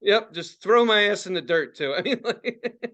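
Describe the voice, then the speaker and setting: A man's voice: sits high, lively intonation, moderate pace, bright, forceful tone. A man in his forties ranting and swearing as a podcast co-host, laughing often in casual talk. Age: 40s. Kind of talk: casual profane podcast rant.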